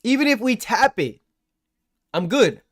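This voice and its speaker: A man's voice: very high-pitched, big pitch swings, unhurried, no echo, clean studio sound. A man hosting a live trading stream, commentating charts and bantering with his chat in a teasing, boastful, slangy way. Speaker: livestream trading host.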